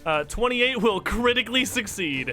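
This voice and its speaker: A man's voice: high voice, animated, normal speed, pushed and bright, soft background music. A man running a tabletop game as game master, narrating the action with frequent laughter.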